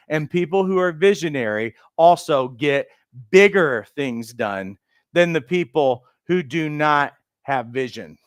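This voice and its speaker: A man's voice: fairly high pitch, a bit bright, clear, resonant tone, dry recording. A man giving a motivational teaching talk as a coach trainer, earnest and emphatic, building his points through repeated phrases. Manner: acts out quoted voices, occasional restarts.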